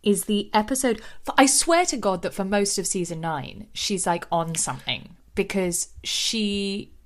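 A woman co-hosting a podcast, talking about a reality show in an energetic, sarcastic way, swearing and acting out quotes. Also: mid-range voice, unhurried. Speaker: podcast co-host.

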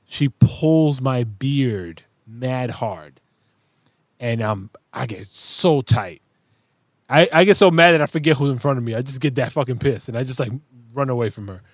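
A man with a mid-pitched, ordinary voice who hosts a relaxed podcast talk. He asks questions and tells stories from home, swearing casually and sometimes dropping into a low mutter. The sound is close and dry. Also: unhurried, no room sound. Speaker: podcast host. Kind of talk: casual chat.

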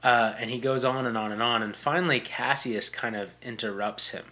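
A man's voice: medium pitch, moderate pace, pushed and bright. A young adult man casually retelling and explaining a classic play as a podcast host, paraphrasing quotes with frequent fillers and restarts.

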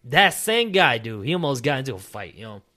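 A man's voice: mid-range voice, very animated, fairly quick, pushed and bright. A young man chatting casually, rambling and laughing through a story, with heavy slang and swearing. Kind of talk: casual chat.

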